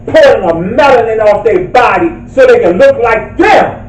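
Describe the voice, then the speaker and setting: A man preaching a sermon, reading scripture and building to impassioned shouts. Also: very high voice, animated, normal speed, roomy sound, recorded from a distance, low-quality recording. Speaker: street preacher.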